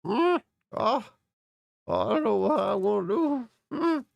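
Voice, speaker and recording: A man's voice: sits high, very animated, gravelly, no room sound, pitched above the performer's own voice, full character voice. A man doing a rattly ninety-year-old grump. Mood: fretful. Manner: slow, grumbling rant. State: congested.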